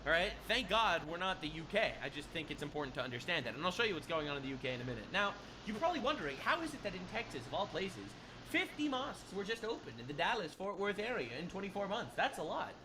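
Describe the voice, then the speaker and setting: A man's voice: high voice, big pitch swings, fast, background noise. A man giving sarcastic, mocking online commentary as a political commentator.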